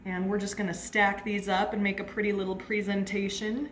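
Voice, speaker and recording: A woman's voice: medium pitch, flat delivery, fairly quick, reverberant, a little hiss or hum. A woman hosting a casual home cooking video, talking as she works and chatting while she eats. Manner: chatty, talks while eating. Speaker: host.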